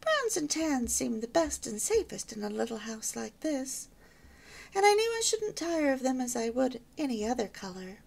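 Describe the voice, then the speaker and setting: A bright, chatty young bride in an old-fashioned storybook, her voice rising and falling with lively pride, as a woman reads her. The tone is a touch gravelly at the edges, eager and sweet. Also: sits high, moderate pace, exaggerated voice. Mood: proud, chatty. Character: cheerful young newlywed housewife, proud homemaker.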